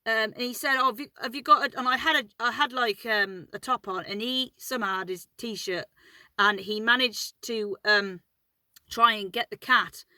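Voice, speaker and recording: A woman's voice: fairly high pitch, moderate pace, bright, forceful tone, no echo, low-quality recording. A woman telling a story in a casual vlog from inside her car, chatty and rambling, swearing freely. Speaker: vlogger.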